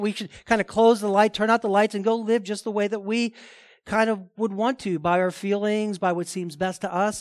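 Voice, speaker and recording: A man preaching a sermon as pastor of a church, reading scripture and then preaching emphatically. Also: sits high. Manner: emphatic preaching with rising intensity; quiet reverent prayer.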